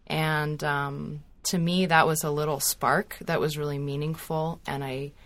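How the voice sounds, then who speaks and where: A woman choreographer talking on a panel, measured, with frequent fillers. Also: sits low, little pitch movement, a bit bright. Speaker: choreographer guest. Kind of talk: panel discussion.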